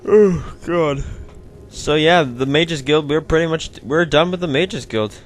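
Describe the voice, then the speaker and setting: With a fairly high voice and a measured pace, a man narrates his let's play of a video game, chatty and wandering, frequently making fun of himself. A little hiss or hum sits in the background.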